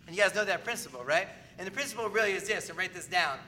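A man with a very bright, high voice preaches a sermon, talking to his congregation in a relaxed, conversational way. He keeps checking in with the listeners to see whether they follow him. A faint hiss of noise sits under the recording. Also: very fast, few pauses. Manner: conversational, asks the congregation for agreement. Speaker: pastor.

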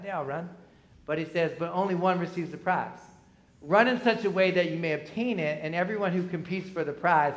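A man's voice: a little high, a bit bright. Man preaching in an echoey hall. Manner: conversational preaching, asks the congregation questions, frequent "right?". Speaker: pastor. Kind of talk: sermon. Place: church sanctuary.

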